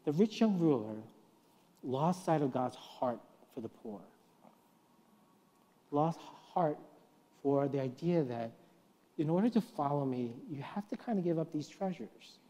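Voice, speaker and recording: A middle-aged man preaching a guest sermon in a church, telling stories and acting out the voices he quotes, swinging from soft to loud. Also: fairly high pitch, animated, unhurried, pauses often. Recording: long reverb of a church hall.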